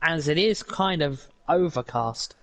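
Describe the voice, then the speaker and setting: A man's voice: fairly high pitch, lively intonation, a little slow, a bit bright, no room sound, low-quality recording. A man co-commentating on an esports race, rambling through his analysis with many fillers; his stream audio sounds robotic.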